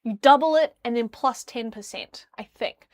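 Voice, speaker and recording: A woman's voice: a little high, moderate pace, darkish tone. Chatty young woman from New Zealand. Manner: rambling, chatty, hums and sings nonsense syllables while tidying. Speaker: livestreamer. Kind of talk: casual livestream chat. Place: her bedroom.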